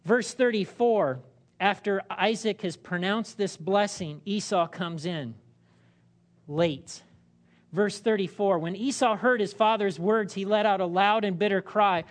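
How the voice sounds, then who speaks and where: A woman's voice: medium pitch, a little slow. A woman pastor preaching a sermon in a church, asking rhetorical questions and repeating key phrases.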